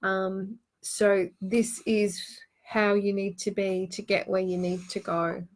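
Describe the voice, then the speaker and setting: A woman's voice: medium pitch, level tone, takes it slowly. A woman hosting a live online card-reading show, giving earnest, reassuring advice with plenty of ums and restarts. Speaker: host and tarot card reader.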